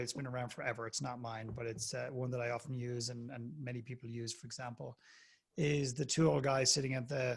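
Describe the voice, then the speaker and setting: An Irish man, a guest speaker on a podcast, telling anecdotes in a lively way and acting out the people in them. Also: mid-range voice. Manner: animated anecdote-telling, acts out the people in his story. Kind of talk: storytelling in a conversational interview.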